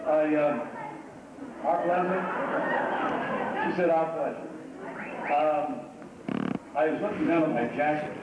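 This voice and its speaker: A man's voice: fairly high pitch, a little slow, pauses often, over a noisy crowd. A man who is a convention guest, telling a story on stage to an audience. He rambles, jokes and restarts often. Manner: rambling, joking, many restarts. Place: large convention hall. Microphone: home video camera in the audience. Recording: muffled echoey hall from far off. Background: noisy audience.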